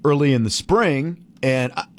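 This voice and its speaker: A man hosting sports talk radio, animated and a little sarcastic, rambling through his points. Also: mid-range voice, unhurried.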